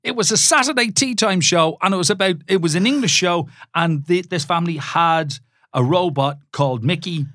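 A man's voice: high voice, a bit bright, no echo, clean studio sound. A man co-hosting a podcast in a casual, teasing way, often tripping over his words. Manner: teasing, quick to joke, stumbles over words. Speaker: podcast co-host. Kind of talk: casual chat.

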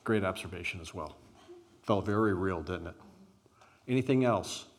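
A man with a very low voice guides a group through a spoken exercise. He talks deliberately, stressing key words and letting pauses sit. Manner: deliberate, emphatic, with weighted pauses; says he is an introvert. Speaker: group workshop leader.

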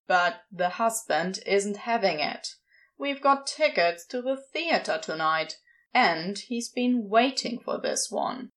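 A woman's voice: medium pitch, expressive, slow, a bit bright. A woman voicing an irritated, sarcastic male demon who scolds and mocks. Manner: exasperated, scolding.

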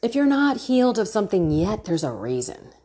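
A woman's voice: medium pitch, big pitch swings, a little fast, mellow, husky. A woman hosting a faith podcast, talking in an earnest, chatty way and laughing often. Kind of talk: casual faith podcast talk.

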